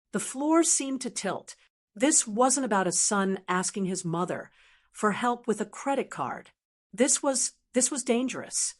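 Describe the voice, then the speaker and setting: A middle-aged woman narrating a first-person family story in an earnest, deliberate way. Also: a little high, animated.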